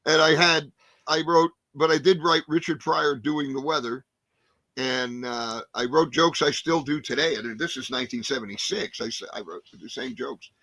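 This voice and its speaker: A man's voice: mid-range voice, normal speed, pushed and bright, no echo. A man in his sixties from New Jersey, a comedian guest telling a rambling story full of fillers and acted-out quotes. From New Jersey, USA. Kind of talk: storytelling in a podcast interview.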